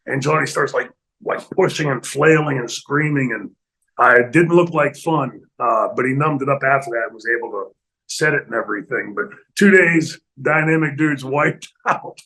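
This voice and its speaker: A middle-aged man casually telling stories in a studio interview, animated and laughing often, acting out other people's lines. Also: mid-range voice, moderate pace, gravelly, low-quality recording. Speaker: retired pro wrestler guest telling stories. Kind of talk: casual storytelling in a podcast interview.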